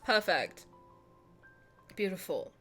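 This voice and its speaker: A woman streamer plays a game at home and chats with her audience, swearing playfully and ranting in mock anger. Her medium-pitched voice is slow and sing-song with a sharp tone, and faint music plays behind her.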